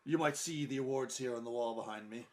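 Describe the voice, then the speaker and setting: A man voicing a proud, heavy-set older male baklava chef who talks loudly and excitedly. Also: medium pitch, fast, close to an everyday voice. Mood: boastful. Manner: boastful, loud and excitable.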